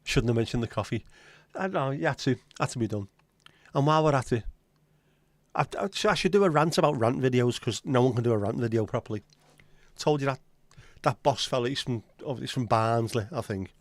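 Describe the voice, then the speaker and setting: A man's voice: mid-range voice, fairly quick, no echo. A man, hosting a casual livestream chat with sweary, sardonic rants. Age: 50s. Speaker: livestream host.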